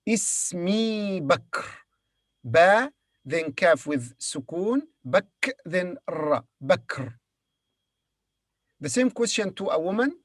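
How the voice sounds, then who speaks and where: A man's voice: high-pitched, lively intonation, takes it slowly, long pauses, no echo, studio quality. A man teaching Arabic to beginners, patiently sounding out each word and repeating it for his learners. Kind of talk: beginner language lesson.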